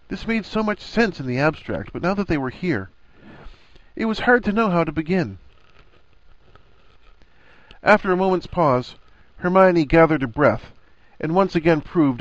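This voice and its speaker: A man narrating a story with a lively, rising and falling delivery in a mid-pitched voice. The recording is dry and a little dull. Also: no room sound. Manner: expressive, melodic. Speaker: reader.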